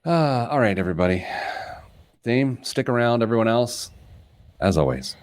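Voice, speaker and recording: A man hosting a money talk show, chatting casually and poking fun at himself. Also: normal speed. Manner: self-mocking, chatty, jumps in pitch when excited. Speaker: host.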